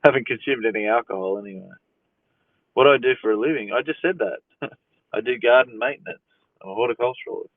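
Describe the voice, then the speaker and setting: A man hosts a relaxed live chat from his phone, answering viewer questions with dry amusement and frequent chuckles. His voice sits at a middling pitch. The sound is thin and tinny like a phone line, with no room echo at all. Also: fast, pauses often. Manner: easygoing, amused, chuckles often, reads viewer questions aloud. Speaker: livestream host answering chat. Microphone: phone livestream.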